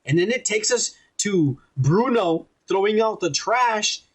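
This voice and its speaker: This podcast host's voice sits high and sounds animated as he retells a TV episode. He keeps it casual, rambling, and full of swearing, and puts on quick voices for the characters.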